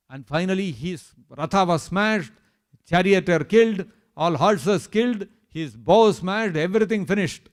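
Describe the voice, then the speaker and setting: Guy giving a temple sermon, kinda high voice, storytelling and punching each point. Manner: storytelling with dramatized quotes and emphatic lists. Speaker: preacher. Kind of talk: sermon on scripture.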